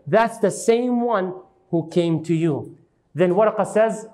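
Animated high-voiced male lecturer. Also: fast. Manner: dramatic retelling, acting out quoted speech with rising pitch; asks the audience questions. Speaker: Islamic teacher. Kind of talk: storytelling religious lecture. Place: mosque lecture hall.

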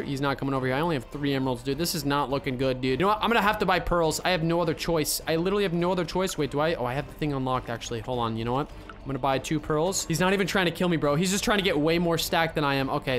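Excitable young gamer guy, high and bright. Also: racing. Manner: excitable, swings from mutters to shouts. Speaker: gaming YouTuber. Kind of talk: gameplay commentary.

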